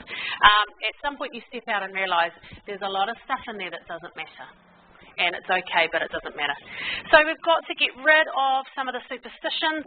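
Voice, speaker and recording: Lively New woman, tinny sound. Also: fairly high pitch, a little hiss or hum. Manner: lively and candid, acts out quotes and laughs easily. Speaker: conference speaker. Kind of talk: informal faith talk to an audience.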